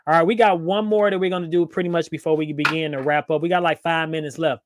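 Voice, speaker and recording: A fast-talking man with a slightly high voice and steady tone hosts a casual livestream chat. Playful and quick to laugh, he reads viewer comments aloud, in a dry, studio-quality recording.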